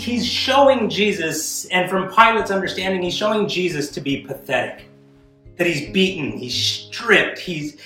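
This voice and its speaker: Earnest male pastor, high voice, reverberant room, faint guitar bed. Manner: earnest preaching, rising to emphatic declarations, with repeated restarts. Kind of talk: sermon. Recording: echoey room with soft guitar behind.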